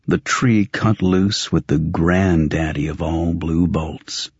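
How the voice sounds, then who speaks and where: A very low, unhurried male voice reads the story with a husky edge. The recording is dry and a little muffled, with no room sound. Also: dry recording. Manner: steady, measured storytelling. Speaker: audiobook narrator. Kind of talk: scripted fiction narration.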